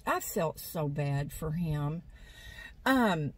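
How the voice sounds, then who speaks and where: This woman's mid-range voice is animated but slow-paced as she rambles through stories for her viewers, laughing a lot. She's in a parked vehicle in a parking lot, and the phone on a stand makes for a rough recording.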